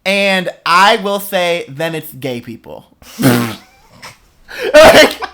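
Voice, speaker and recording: A young man hosting a podcast in casual chat, expressive and dramatic, laughing often. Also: high voice, very slow, heavy background noise. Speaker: podcast host.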